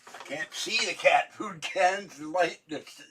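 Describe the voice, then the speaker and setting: A man's voice: sits high, a little slow, sharp tone, slight background noise. A man in his seventies in a rambling, chatty home vlog monologue at his kitchen, wandering from topic to topic. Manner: rambling, chatty, flares up when indignant. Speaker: vlogger.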